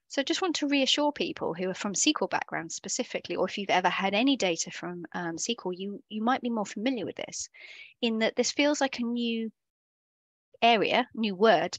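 A woman's voice: on the high side, no echo. A woman leading a live online coding workshop over a video call, explaining things in a chatty way and often correcting herself as she goes. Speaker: workshop instructor.

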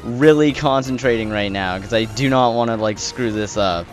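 A young man giving excited, swearing live commentary while playing a racing game, groaning and shouting at rivals. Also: medium pitch, normal speed, soft background music. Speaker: let's play gamer.

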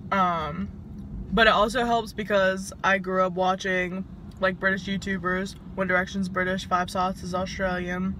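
A woman's voice: medium pitch, level tone, fairly bright tone, slight background noise. A woman in her twenties with a Southern US accent, chatting casually to camera in a vlog and filling her sentences with "like". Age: 20s. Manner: chatty, fills every pause with "like". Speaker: vlogger.

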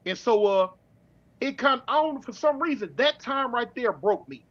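A middle-aged man from California telling his story in casual street slang, with halting restarts, over a dull remote call. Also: very high voice, expressive, fairly bright tone. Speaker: guest.

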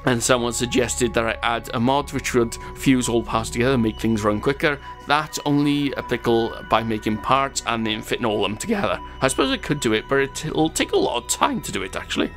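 A man talks casually through a space game session, his pitch sitting in an ordinary middle range. He rambles from one thought to the next and laughs at his own asides. Faint game music plays underneath. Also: animated, a little fast, hardly any pauses, fairly bright tone. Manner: chatty and rambling, chuckles at his own jokes. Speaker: gaming channel host. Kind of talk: casual gameplay commentary reading viewer comments.

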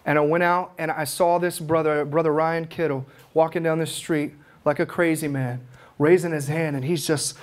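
Evangelist, man in his thirties, fervent storytelling sermon, voice sits a bit high. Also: steady tone, normal speed. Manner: fervent storytelling, acts out his own prayers. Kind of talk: conference teaching sermon.

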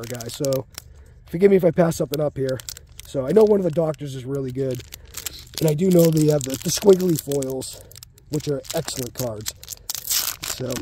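Slangy man, mellow voice. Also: fairly high pitch, slight background noise. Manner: laid-back and slangy, calls viewers man and dude. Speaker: card pack opener. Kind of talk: casual commentary while opening packs.

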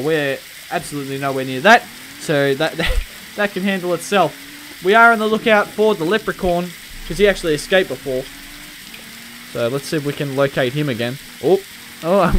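A man giving excitable gameplay commentary with police role-play, shouting commands and laughing often. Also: high voice, slight background noise. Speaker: gaming video host.

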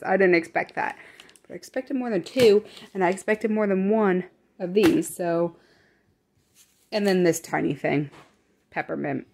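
In this home vlog, a young woman from the American Midwest whispers her way through a laid-back grocery haul chat. She rambles and keeps correcting herself, her medium-pitched voice carrying a gravelly edge.

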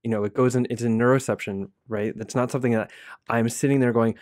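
A man's voice: mid-range voice, steady tone, quick pace, a little mellow, no room sound, clean studio sound. A man hosting a podcast interview, asking questions and sharing reflections in a candid, rambling way. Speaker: podcast host. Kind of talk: conversational interview.

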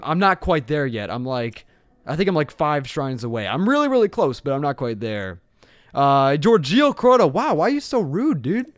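A young man from Illinois chatting casually as he streams a game live on a boom-arm mic, excitable and shouting during fights. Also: clear, resonant tone, no echo. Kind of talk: casual live gameplay commentary.

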